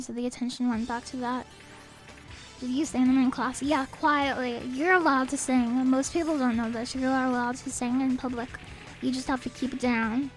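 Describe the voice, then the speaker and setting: Woman streamer, high voice, rambling, playful, a bit sniffly, soft game music behind. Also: low-quality recording. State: a little sniffly. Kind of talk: casual game stream chat. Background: faint game music.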